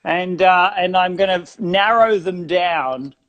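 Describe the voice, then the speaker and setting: A man plays a sardonic felt puppet comedian with an Australian accent, pitched rather high. He banters in a dry, self-mocking way, wandering off into asides. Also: measured pace, fairly bright tone. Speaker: guest comedian.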